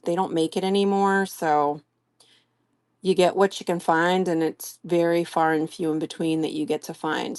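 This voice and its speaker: A woman's voice: lowish voice, darkish tone, no room sound. A woman hosting a casual live-stream sale, chatting and greeting viewers by name as she shows items.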